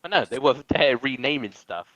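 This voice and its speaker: A man's voice: mid-range voice, expressive, a little fast, a bit bright, no echo, low-quality recording. A man co-hosting a podcast, venting in an exasperated way about his IT job, full of fillers. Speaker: podcast co-host, IT worker. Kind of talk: casual chat.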